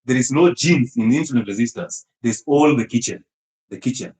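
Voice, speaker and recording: A man giving an animated health talk, emphatic and teasing, often laughing and throwing rhetorical questions at his listeners. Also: medium pitch, moderate pace. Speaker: health speaker. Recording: echoey room.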